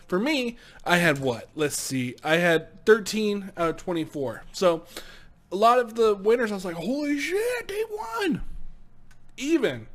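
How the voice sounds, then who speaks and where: A young man giving casual movie commentary in a vlog, excitable and swearing freely, laughing often. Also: high voice. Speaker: movie vlogger.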